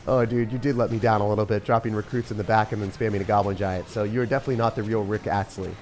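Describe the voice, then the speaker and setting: A young man commentating his own game on a live stream, fast and jokey, chatting to viewers as he plays. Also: on the low side, steady tone, darkish tone, soft background music. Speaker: gaming streamer.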